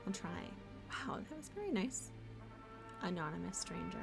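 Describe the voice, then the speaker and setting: A woman's voice: on the low side, very animated, normal speed, gravelly, over music. Chatty woman streaming a game. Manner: chatty, playful, talks to chat and pets. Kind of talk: casual gameplay commentary.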